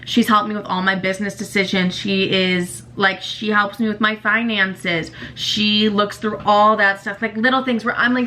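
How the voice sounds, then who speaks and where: A young woman speaks candidly on her podcast, blunt and openly emotional, with plenty of swearing. Her voice is bright and forceful, sitting at a middle pitch. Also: flat delivery, moderate pace, few pauses, slight background noise. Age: young adult. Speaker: podcast host. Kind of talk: candid personal monologue.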